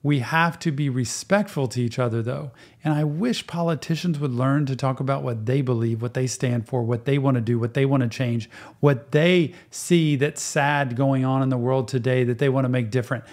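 Male therapist host, earnest and advising, mid-pitched, casual reaction chat. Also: normal speed, darkish tone.

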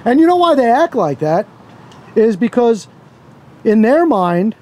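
High voiced dude ranting to his camera outside, blunt and sarcastic, warm mellow tone. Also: sing-song, measured pace. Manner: sarcastic, blunt, swears casually. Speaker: first amendment auditor filming in public. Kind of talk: casual vlog commentary to the camera. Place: outdoors by a parking lot.

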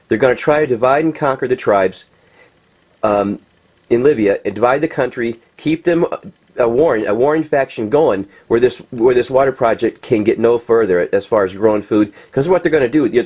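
A man rants in a heated, rambling way while he talks over pictures. He swears freely and stumbles through plenty of ums and uhs. His voice sits at an ordinary middle pitch for a man. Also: a little mellow, husky. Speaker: political commentator. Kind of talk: impassioned commentary over pictures.

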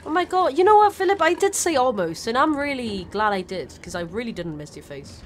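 A woman's voice: on the high side, big pitch swings, a little fast, few pauses, slight background noise. A woman streaming a video game live, swearing freely while talking to her chat and the characters on screen. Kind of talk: live gameplay commentary.

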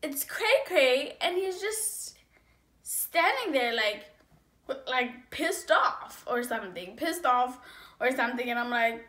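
A young woman tells a story to camera in a high, bright voice that swings between loud outbursts and hushed asides. Her words ring in an echoey room. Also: measured pace. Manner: animated, acts out dialogue with big swings in loudness. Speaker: vlogger telling a story. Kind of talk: casual storytime.

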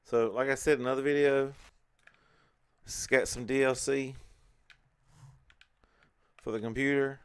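A man's voice: medium pitch, fairly even intonation, unhurried, long pauses, smooth. A man hosting a casual let's play, chatting and talking to himself as he plays. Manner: chatty, talks to himself while playing. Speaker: gaming channel host.

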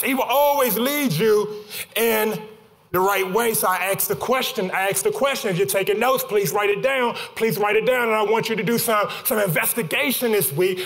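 A man preaching a sermon as pastor, calling out to the congregation and swinging into sung, shouted cadences. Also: sits high. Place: church sanctuary. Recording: church hall reverb with music behind.

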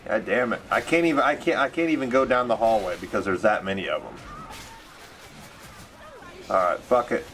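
A man's voice: lowish voice, moderate pace, long pauses, a bit bright, slight background noise. A man playing a co-op game, teasing his friend and swearing. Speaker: gamer. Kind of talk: casual co-op let's play chat.

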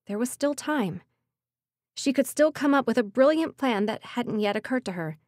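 A woman narrating a fantasy audiobook in a steady, measured storytelling voice. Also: on the high side, no echo, clean studio sound. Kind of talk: scripted narration.

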